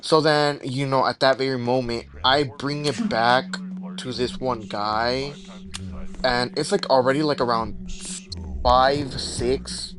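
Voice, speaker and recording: A man's voice: medium pitch, slow pace. A young man hosting a gaming channel, telling a rambling story over horror gameplay, full of fillers and swearing, breaking off to react to the game. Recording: noisy recording with steady background noise.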